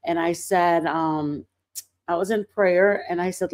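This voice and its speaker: A woman hosting a livestream, telling faith stories in a casual, animated way and breaking into excited outbursts. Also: lowish voice, slow. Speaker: livestream host.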